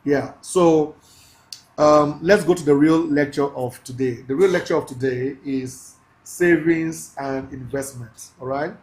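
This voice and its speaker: A man teaching a mentorship class, talking in a preachy, emphatic way, slowing down to stress key phrases and laughing with his students. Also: a little high, darkish tone. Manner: laughs often, casual asides to the class. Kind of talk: live class lecture.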